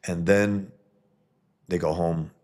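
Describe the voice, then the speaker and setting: A man's voice: sits low, steady tone, slow pace, a little mellow. A man casually reviewing a comic on a live stream, rambling with many fillers and restarts.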